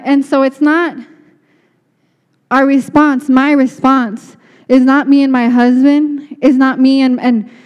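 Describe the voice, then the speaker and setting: A woman's voice: sits high, darkish tone. A woman giving an earnest, conversational sermon with many restarts. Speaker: speaker. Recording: long reverb of a hall.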